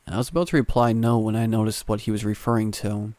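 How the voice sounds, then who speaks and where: A man narrating a scripted horror story in a calm, steady first-person way. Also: on the low side, fast talker, no room sound.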